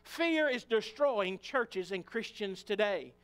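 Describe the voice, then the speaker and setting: A pastor with an Appalachian accent preaching a Sunday sermon in a church, swinging between quiet pleading and loud, impassioned build-ups. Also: male voice, animated, slow pace, clear, resonant tone. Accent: Appalachian American. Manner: impassioned preaching, rising and falling in pitch and volume. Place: church sanctuary.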